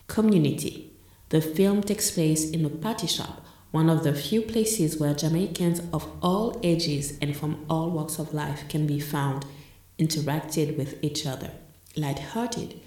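A low, mellow-voiced woman from the Caribbean reads her film commentary from a script. She sounds reflective and earnest and keeps a measured pace.

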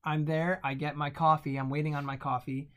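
A man's voice: a little high, fairly quick. Man telling a story in casual talk. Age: late 20s to 30s. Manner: relaxed, anecdotal, uses "right?" often.

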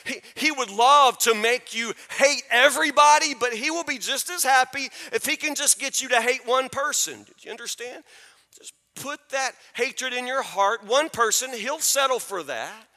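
A man with a very high, bright voice preaches a sermon, pressing his points again and again and asking his listeners if they understand. His voice rings with a long reverb in a big hall. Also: normal speed. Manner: emphatic, repeats phrases, asks the crowd questions. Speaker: pastor.

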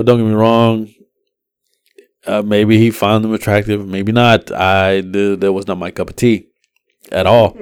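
A man's voice: medium pitch, darkish tone, clean tone, dry recording, studio quality. A man hosting a podcast who tells a long story in casual, profane chat and acts out the lines of the people in it. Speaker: podcast host.

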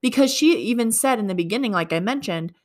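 A woman's voice: a little high, animated, quick pace. A woman working as a leasing agent tells a work story in a conversational way, acting out both sides of the dialogue. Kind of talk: storytelling sales advice.

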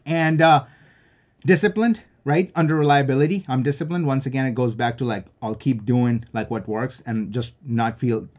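A young man giving casual career advice in an animated, enthusiastic way, full of "like" and "right?". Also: mid-range voice, normal speed.

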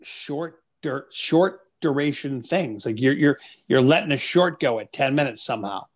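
A man hosting a casual podcast chat, talking in an excitable, profane, interjecting way. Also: medium pitch, normal speed, breathy edge.

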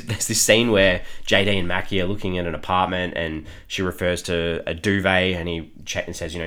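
An Australian man with a low, fairly bright voice hosts a podcast. He chats casually through an episode review, chuckling often and using plenty of fillers.

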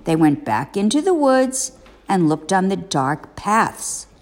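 A woman reading a children's storybook aloud as a parent, expressive and deliberate. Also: mid-range voice, long reverb tail.

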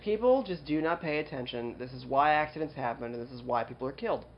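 A woman's voice: rumbling low, lively intonation, fast. A woman co-hosting a podcast in casual chat, who jokes and keeps interrupting with questions. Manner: joking, interrupts often to quiz and tease. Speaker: podcast co-host. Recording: dull lo-fi recording.

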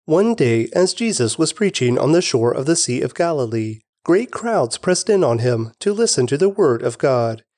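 A man giving a steady, expressive scripted reading of scripture. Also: fairly high pitch, moderate pace, hardly any pauses, no room sound, studio quality. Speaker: scripture reader.

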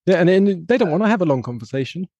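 A man's voice: high-pitched, lively intonation, racing, warm tone, dry recording, highs cut off. A man from England hosting a podcast, talking in a reflective, thinking-aloud way with lots of "like" and "you know.". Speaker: podcast host. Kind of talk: casual conversation.

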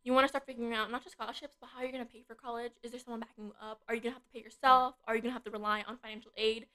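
A woman's voice: on the high side, flat delivery, very fast, bright, forceful tone. A teenage girl chatting casually about college prep, with a lot of "like" filler, at a desk mic. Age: teens. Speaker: co-host. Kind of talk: casual advice chat. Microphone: desk microphone.

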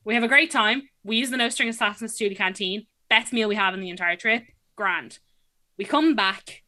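A woman's voice: medium pitch, fairly quick. A young woman with an Irish accent chatting casually, telling a long story in a chatty way with lots of "like" and fillers. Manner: chatty, animated retelling full of fillers and "like".

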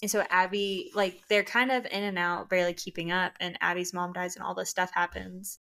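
A woman's voice: fairly low pitch, little pitch movement, fairly quick, creaky, sharp tone. A young woman co-hosting a podcast, chatting enthusiastically about a book with lots of filler words. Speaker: podcast co-host. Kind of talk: casual book chat.

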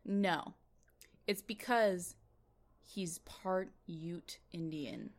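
A young woman co-hosting a podcast, tossing in quick joking remarks while discussing a movie. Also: lowish voice. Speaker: podcast co-host. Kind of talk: casual movie-review chat.

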